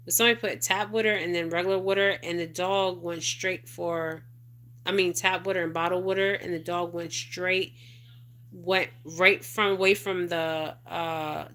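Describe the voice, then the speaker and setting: Middle-aged woman, casual livestream host, rambling and repetitive, bright tone, even flat pitch. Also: normal speed. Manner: rambling, repeats "okay?" and "you guys", emotional asides. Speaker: spiritual advisor livestream host. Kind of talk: casual livestream chat reading viewer comments.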